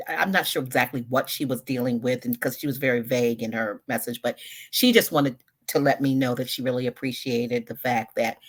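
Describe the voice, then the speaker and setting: Guest: woman in her sixties, low voice, thoughtful and emphatic. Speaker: guest, social media word educator. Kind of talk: conversational interview.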